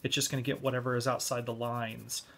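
A man's voice: medium pitch, little pitch movement, fast talker, gravelly, a bit bright, a little hiss or hum. A man giving a hobby tutorial on model kits, explaining each step in a laid-back way.

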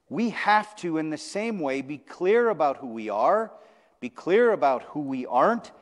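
Man preaching in a reverberant church. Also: a little high. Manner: conversational preaching, repeats phrases for emphasis. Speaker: pastor. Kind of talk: sermon. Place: church sanctuary.

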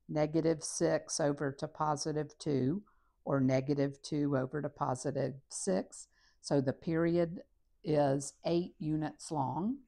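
A woman's voice: deep voice, creaky. A woman teaching a recorded math lesson, talking methodically through each step while she works on a graph. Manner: steady, methodical, talks through steps while writing.

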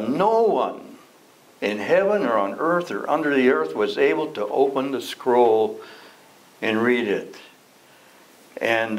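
In a church classroom, a man with a medium-pitched voice teaches an adult Sunday school class, reading scripture and posing questions to the class conversationally. The audio is poor.

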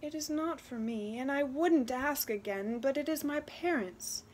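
A woman reading a storybook aloud, voicing a meek, ashamed young peasant girl who pleads softly. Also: sits high, measured pace, slight background noise, voice pushed up. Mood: pleading. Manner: soft, pleading.

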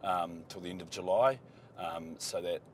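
Kiwi bloke, really low voice, relaxed and umming a lot, chatting in a ute. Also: male voice, moderate pace, slight background noise. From New Zealand. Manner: laid-back, hesitant with many ums. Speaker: rugby player. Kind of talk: casual in-car chat. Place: inside a moving ute.

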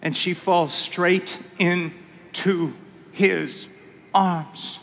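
A man preaching in a big conference hall, his voice high and unhurried, each phrase drawn out with weight. He goes from quiet, hushed lines to fervent cries, and the sound rings with long reverb. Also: steady tone, gravelly. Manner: impassioned, swings from hushed to shouted. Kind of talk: conference sermon.

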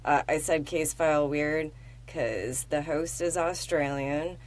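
A woman's voice: sits low, takes it slowly, a little hiss or hum. A woman co-hosting a podcast in casual chat, teasing and brash, swearing playfully. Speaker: podcast co-host.

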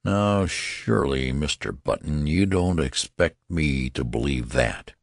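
A man's voice: a bass voice, measured pace, gravelly, no room sound, studio quality, heavily acted. A man voicing a stern, irritable older college registrar who talks in a curt, scolding way, in an audiobook.

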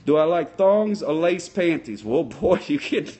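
A boastful, dim-witted sock-puppet policeman, voiced by a man, rambles through answers. His voice sits a bit high, full of goofy bravado. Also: lively intonation, unhurried, warm tone. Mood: rambling. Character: dopey, boastful male sock-puppet cop. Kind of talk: comic puppet Q&A.

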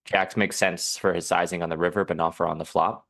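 A man with a low, gravelly voice breaks down poker hands as a guest coach. He talks in a relaxed, analytical way, slightly tired and casual. There is a rough fry under his words. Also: a little fast.

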